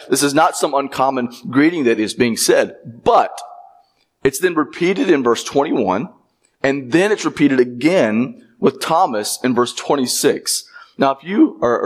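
A man preaching a sermon in a conversational style, with frequent asides to the congregation and some phrases repeated for emphasis. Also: on the high side. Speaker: pastor.

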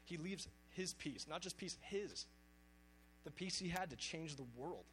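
A man's voice: a little high, expressive, unhurried, fairly bright tone, slight background noise, low-quality recording. A man preaching a sermon, speaking earnestly and reading scripture aloud with emphasis.

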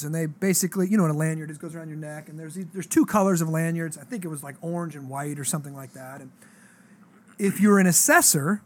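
Brief: man, 30s, pastor, high voice, lively slangy storytelling. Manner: animated, slangy, acts out quoted dialogue. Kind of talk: casual storytelling on a podcast.

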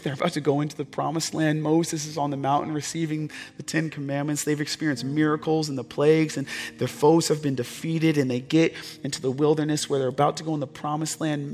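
A man preaching a sermon as pastor, impassioned and swinging from loud, fervent passages to hushed, tender ones. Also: a little high, creaky.

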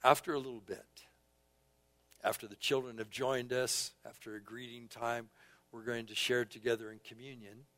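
Leading repeated call-and-response prayers during his sermon, a male pastor alternates soft, quiet lines with emphatic outbursts. He speaks at a moderate pace in a mid-range voice with little pitch movement, and there's no echo.

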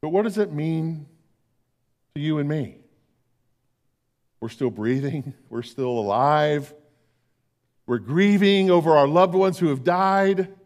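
An older man preaching a sermon as pastor, swinging between emphatic declarations and hushed, slow tender passages. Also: on the high side.

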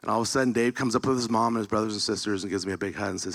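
Male preacher, bright tone, lively personal storytelling sermon. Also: fairly low pitch, very fast. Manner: animated storytelling, acting out dialogue. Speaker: speaker.

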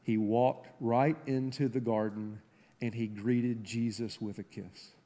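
A man with a Southern accent preaching a sermon as pastor, shifting from loud, high-pitched preaching to low, soft intensity. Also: steady tone, slow pace. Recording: long hall reverb.

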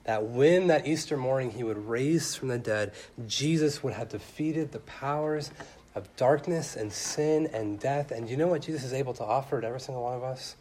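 A young man preaching a sermon earnestly, his voice swelling loud and then dropping soft. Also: medium pitch, moderate pace.

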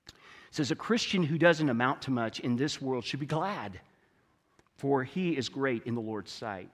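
A man preaching a conversational sermon in a church, swinging between loud emphatic stretches and quiet low ones. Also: lively intonation, moderate pace, long reverb tail. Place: church sanctuary.

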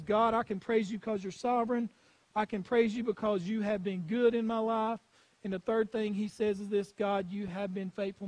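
A man delivers a sermon in a strikingly high voice for a male speaker. He preaches emphatically, repeating key phrases for weight as he tells stories. The sound is dry and close, with no room echo. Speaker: pastor.

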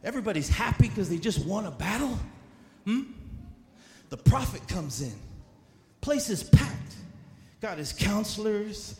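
A man preaching a sermon in a church, fervent and often shouting. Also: high voice, big pitch swings, measured pace, roomy sound.

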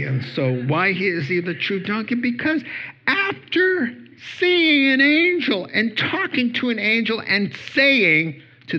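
A man's voice: high-pitched, husky, highs cut off. A man preaching a sermon, telling stories with acted-out voices and laughing at his own jokes. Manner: animated storytelling, acts out voices and laughs. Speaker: pastor.

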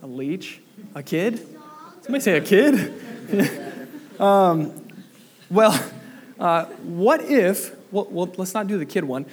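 Animated male pastor preaching a sermon. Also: high voice, takes it slowly, pauses often. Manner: animated, asks the congregation questions.

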